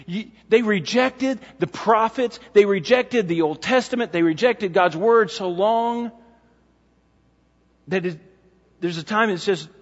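High-voiced preacher in a reverberant hall. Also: male voice. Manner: explains passages in a casual, conversational teaching tone. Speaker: pastor. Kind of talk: sermon. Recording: dull sound with long hall reverb.

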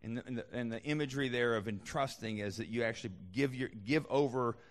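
A man's voice: mid-range voice, fast talker. Conversational man preaching in a reverberant hall. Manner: conversational preaching with frequent restarts and fillers. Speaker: pastor. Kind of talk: sermon.

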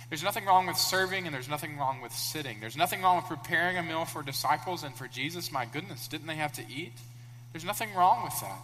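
A man preaches a sermon in a bright, fairly high voice. His pitch swings widely as he acts out the characters in sudden loud, high bursts. The sound carries a long echo of a large room over a faint hum.

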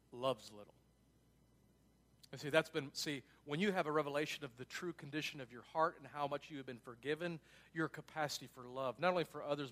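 A male pastor preaching a sermon in a conversational way, dropping to hushed tones and then rising to emphatic urgency. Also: a little high. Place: church.

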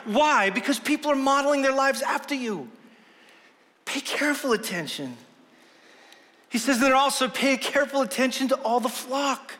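Pastor guy preaching, high voice, earnest and punchy, big echoey church hall. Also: animated, normal speed, pushed and bright. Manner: earnest, emphatic preaching with self-deprecating jokes. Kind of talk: sermon. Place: church sanctuary. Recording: long reverb of a large hall.

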